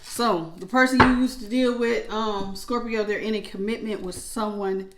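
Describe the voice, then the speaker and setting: A woman reads tarot cards in a loose, chatty way, with features. She slips into acted-out asides as she explains. Her voice sits at a middle pitch and echoes around the room. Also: steady tone, normal speed, background noise. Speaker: tarot reader. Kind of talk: casual tarot reading.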